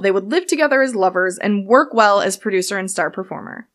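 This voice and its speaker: A woman's voice: medium pitch, expressive, fairly quick. A young woman co-hosting a casual chat podcast, joking and swearing, reading excerpts aloud. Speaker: podcast co-host.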